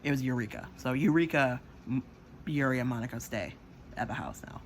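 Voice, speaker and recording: A man's voice: medium pitch, lively intonation, brisk, slight background noise. A man casually telling a personal story, rambling with fillers, swearing and acting out what others said. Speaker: channel host.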